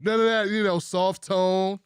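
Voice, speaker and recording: A man's voice: sits high, level tone, unhurried, clean tone, no room sound, clean studio sound. A man hosting a commentary show, talking casually and mockingly and repeating himself for effect.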